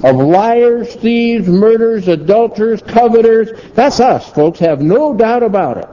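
A man preaching a sermon, emphatic and full of rhetorical questions, swinging between low and high passages. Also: a little slow. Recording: dull lo-fi sound with steady noise.

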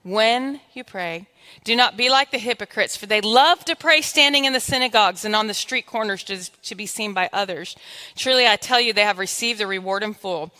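A woman's voice: mid-range voice, fairly quick, sharp tone. A woman preaching a sermon in a church, telling stories animatedly and acting out her own dialogue with God. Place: church sanctuary. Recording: long hall reverb.

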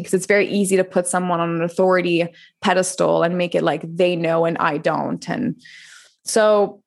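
A woman in her thirties from France, a podcast guest telling her story in a candid, chatty way, filling her talk with "like" and swearing freely. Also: fairly low pitch. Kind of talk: casual interview storytelling.

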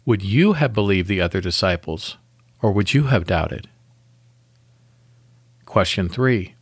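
Calm low-voiced man leading a devotional. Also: measured pace, breathy edge, dry recording. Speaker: devotional podcast host. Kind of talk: guided devotional meditation.

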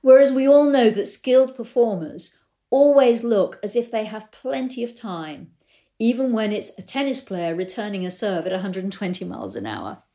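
A middle-aged woman with a mellow, warm tone talks through her coaching ideas as a riding coach. She tells stories as she goes and acts out the back-and-forth of conversations she quotes. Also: medium pitch. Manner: storytelling, acts out quoted exchanges. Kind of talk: explanatory talk with anecdotes.

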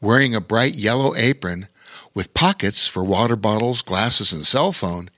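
A man narrating a children's story with lively, expressive delivery. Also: fairly low pitch, a little slow, dry recording, studio quality.

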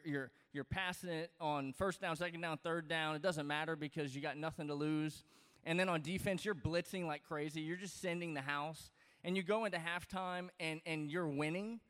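Chatty pastor in a big hall. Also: male voice, on the high side, a bit bright, clean tone. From Louisiana. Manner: conversational, joking, lots of fillers and restarts. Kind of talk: sermon. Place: large church auditorium. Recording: reverberant hall.

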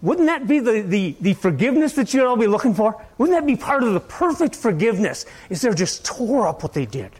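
A man preaching a sermon in a conversational, rambling way, asking his listeners question after question and swinging between loud and soft. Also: high-pitched, sing-song, a little fast, few pauses, slightly rough. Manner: conversational, asks the audience many questions. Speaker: pastor.

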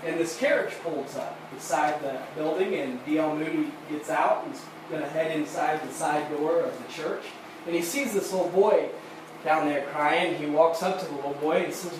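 A man preaching a sermon, telling a story at a halting pace with repeated words, then building to fervent emphasis. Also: on the high side. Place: church sanctuary. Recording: echoey room, distant mic, noisy.

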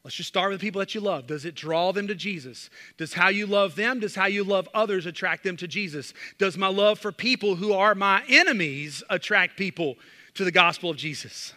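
A man's voice: high voice, a little fast, pushed and bright. A male pastor preaching a sermon, emphatic and full of rhetorical questions, in a church sanctuary. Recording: long reverb of a large hall.

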